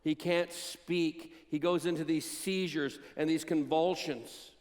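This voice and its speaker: A man preaching a sermon, retelling Bible stories and acting out the quotes with dramatic pauses. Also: on the high side, fairly even intonation, darkish tone, in a large hall. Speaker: pastor. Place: church sanctuary.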